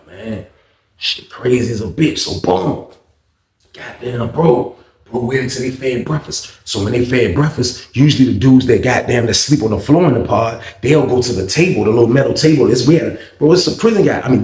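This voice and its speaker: A man's voice: medium pitch, darkish tone. A man telling a story from his past in a casual, slangy, profane, rambling way. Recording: echoey room.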